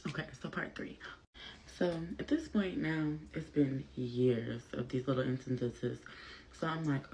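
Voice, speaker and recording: Gravelly woman telling a profane storytime. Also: a bass voice, a little slow, a little hiss or hum. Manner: animated, profane, full of fillers. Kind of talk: casual storytime while getting ready.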